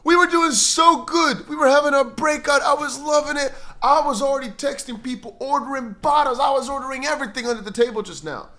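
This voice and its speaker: A man doing a high, whiny put-on voice of a man lamenting lost good times, drawn out and squealing. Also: brisk, few pauses, sharp tone. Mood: mock lament.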